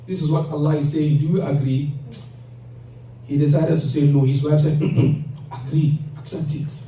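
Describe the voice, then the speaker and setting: A man's voice: fairly high pitch, warm tone, a little hiss or hum. A man preaching a mosque sermon, telling moral stories and acting out the voices of the characters in them. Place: mosque hall. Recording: echoey hall recording from far off.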